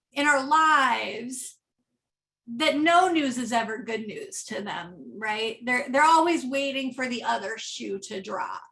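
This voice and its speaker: A woman's voice: high voice, creaky, pushed and bright. A woman pastor preaching a sermon in a conversational way, often checking in with the congregation. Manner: conversational, often asking "right?". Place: church.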